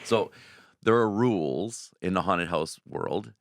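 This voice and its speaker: Casting: low-pitched man, haunted house owner, excitable storyteller, dry studio sound. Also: slow pace, no room sound. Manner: excitable, acts out quoted voices. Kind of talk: animated radio interview storytelling.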